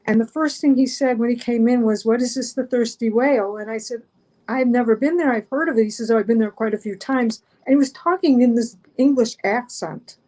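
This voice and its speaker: A woman's voice: fairly high pitch, brisk, mellow, low-quality recording. A middle-aged woman, a guest on an online chat show, telling a story casually, rambling with many fillers and restarts.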